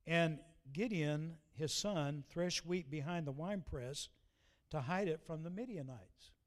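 High-voiced preacher, folksy sermon. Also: male voice. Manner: folksy storytelling, slows to read scripture aloud.

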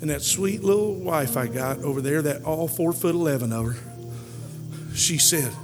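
A man pastor preaching a camp meeting sermon, shouting and half-singing his climactic lines and dropping low and quiet for stories. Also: moderate pace. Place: church camp meeting hall. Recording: large hall reverb with music behind.

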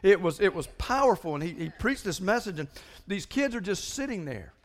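Male pastor, high voice, animated and stumbling sermon delivery. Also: fairly quick. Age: older than most listeners. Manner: animated, repeating words in bursts.

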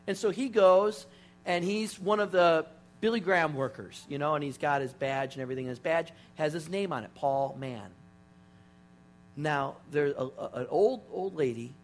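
A pastor telling a story in a sermon, animated and full of restarts. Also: male voice, fairly high pitch. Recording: steady mains hum underneath.

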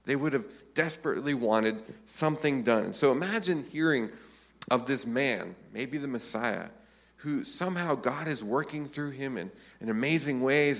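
A man preaching a sermon as a pastor, relaxed and conversational, with frequent filler phrases. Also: medium pitch, normal speed.

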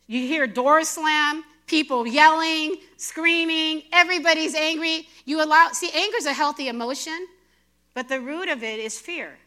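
Bright, high-pitched woman preaching. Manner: animated, emphatic, asks the audience questions. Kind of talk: sermon.

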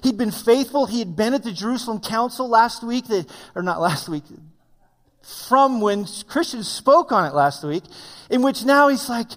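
Brief: high-pitched male pastor, conversational animated sermon, echoing church hall. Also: normal speed. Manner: conversational preaching, animated storytelling. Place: church sanctuary. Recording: long hall reverb.

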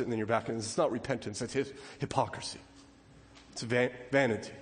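A man preaching a sermon as pastor, swinging between loud urgent warnings and quiet pleading. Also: mid-range voice.

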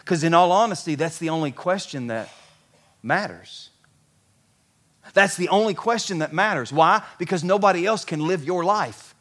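A pastor preaching a sermon to his church, animated, acting out the voices of biblical figures and dropping soft and slow for emphasis. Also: high-pitched. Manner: animated, acts out biblical characters' lines.

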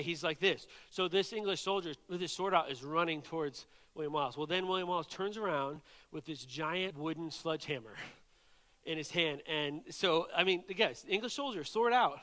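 A man preaching a sermon, telling a story in an animated way and often checking in with "right?" and "okay?". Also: sits high, long reverb tail.

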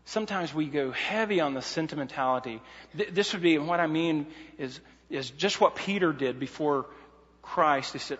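A man's voice: on the high side, normal speed, fairly bright tone, lo-fi sound. Earnest preacher man in a reverberant hall. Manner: earnest, numbered points, frequent restarts. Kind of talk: sermon.

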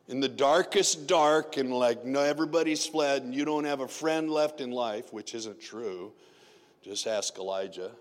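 A man preaching a sermon in a conversational way, moving from loud emphatic questions to soft murmurs. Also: medium pitch, unhurried, long reverb tail. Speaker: pastor.

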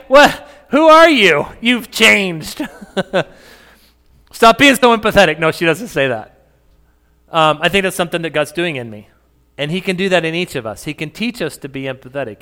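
Bright-voiced pastor in an echoey hall. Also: male voice, a little high. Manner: conversational, joking with the congregation. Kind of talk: sermon.

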